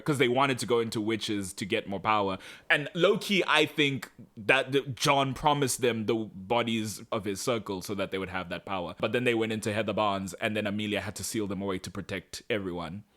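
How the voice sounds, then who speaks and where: A man's voice: lowish voice, bright, forceful tone. A man co-hosting a podcast, recapping a TV episode in casual chat, sarcastic and acting out the characters' lines. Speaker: podcast co-host.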